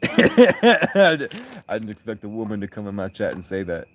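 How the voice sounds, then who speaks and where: A man from the United States chatting on a late-night livestream, rambling through stories and reading out his chat, with loud bursts of laughter. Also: fairly low pitch, steady tone, fast talker, slight background noise.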